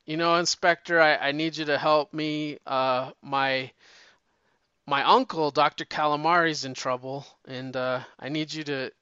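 An alluring female angelfish, as a man reads her out in a bright voice. The recording is dull and lo-fi, and it sounds dry. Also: on the high side, clean tone, dry recording.

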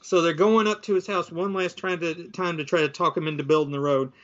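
Guy retelling old comic stories, bit high voiced, slips into character voices, muffled lo-fi sound. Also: fairly quick. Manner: animated storyteller acting out voices.

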